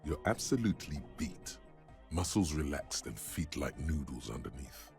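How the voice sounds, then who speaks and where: A man narrating a video game in a gravelly, measured, dryly wry voice. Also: rumbling low, lively intonation, darkish tone, faint music behind, full character voice.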